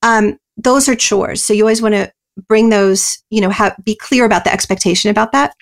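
A woman in a mid-range voice gives earnest parenting explanations as an interview guest. She talks in loose runs, filling pauses with small hesitations. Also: medium pitch. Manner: earnest and explanatory, many you-knows and ums. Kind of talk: interview answers.

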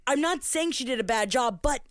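A woman from the American South co-hosting a podcast, chatting casually in a blunt, opinionated way and quick to mock. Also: high-pitched, lively intonation, a bit bright, no echo, studio quality. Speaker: podcast co-host. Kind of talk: casual chat.

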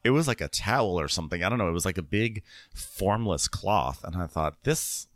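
A man co-hosts a podcast from home, talking wryly in a casual recap. His voice is deep but swings widely in pitch. The sound is dry and close. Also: animated, dry recording. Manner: wry, chatty, quick to laugh. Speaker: podcast co-host. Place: home room with thin walls.

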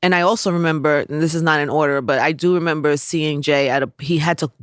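Male, slightly high voice, reminiscing, trails off, dry sound. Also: steady tone, fast, a bit bright, smooth, no echo. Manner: searching, trailing off. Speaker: interviewee recalling a memory.

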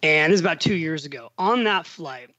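A middle-aged American man as a podcast guest, telling a story with animated voiced-out quotes and frequent laughs. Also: a little high, a little fast, dry recording, highs cut off. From USA. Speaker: podcast guest, finance author. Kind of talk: casual storytelling interview.

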